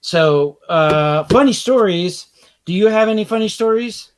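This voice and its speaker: Man, high-pitched, podcast co-host, casual chat, rambling storyteller, chuckles often. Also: unhurried, slight background noise. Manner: rambling, laughs through his own stories.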